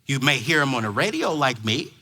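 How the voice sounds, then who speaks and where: A man giving an emphatic, preachy stage talk to parents at a large conference, shouting at the high points. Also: very animated, brisk. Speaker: motivational speaker. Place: large conference hall before a crowd.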